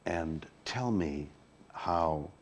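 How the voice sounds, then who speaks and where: A man's voice: low voice, expressive, very slow. A man in his late seventies hosting an interview, pressing his guest with pointed follow-up questions. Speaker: interview host.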